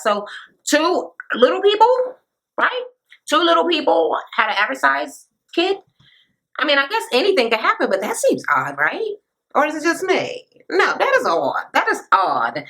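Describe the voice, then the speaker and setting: A woman's voice: on the high side, pushed and bright. A woman giving a blunt, profane, sassy rant recapping a reality show.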